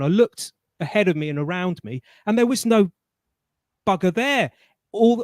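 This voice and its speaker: A man's voice: sits high, darkish tone, no echo, studio quality. A man, a guest telling a rambling story in casual chat, stammering and restarting often, on an online call.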